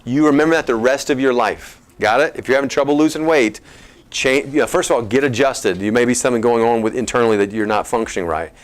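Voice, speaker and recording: A man with a Texan accent giving a lively health seminar to a live audience, joking and coaching the crowd through an exercise. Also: mid-range voice, fast talker. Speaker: chiropractor giving a health talk.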